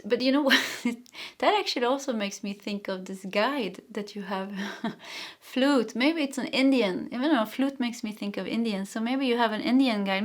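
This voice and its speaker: A Swedish-born woman giving a pick-a-card tarot reading, encouraging and rambling, with many restarts and soft laughs. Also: medium pitch. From Sweden. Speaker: tarot reader.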